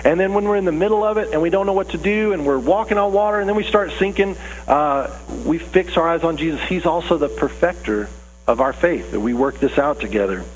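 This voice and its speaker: A man's voice: fairly high pitch, fairly quick, big-room sound, a little hiss or hum, poor audio. A man preaching a sermon in a conversational, earnest way, often asking his listeners questions. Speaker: pastor.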